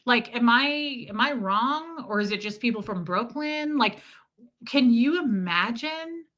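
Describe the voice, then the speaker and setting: Midwest woman live streaming, sarcastic rant to chat, bright voice. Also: a little high, lively intonation, unhurried. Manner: sarcastic, ranting, throws in mocking impressions.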